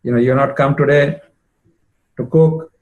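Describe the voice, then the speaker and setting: A man's voice: medium pitch, fairly even intonation, a little slow, a little mellow, lo-fi sound, lightly acted. A man voicing a friendly young woman messenger who chats with casual fillers. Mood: coaxing.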